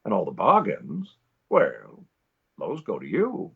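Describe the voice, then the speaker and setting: A man's voice: on the low side, wildly swooping pitch, slow, gravelly, slightly rough, heavily acted. A man voicing a folksy elderly New England man in his seventies who reads a charity sale ad, on a dull lo-fi recording. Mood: folksy pitch. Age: 70s.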